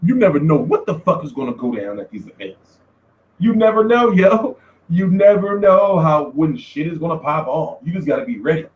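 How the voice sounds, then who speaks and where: A man's voice: fairly high pitch, moderate pace, dull audio. A man hosting a boxing vlog, telling stories in a casual, profane, slangy way with frequent laughter. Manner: animated, laughing, slangy storytelling. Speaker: boxing media vlogger. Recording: roomy echo.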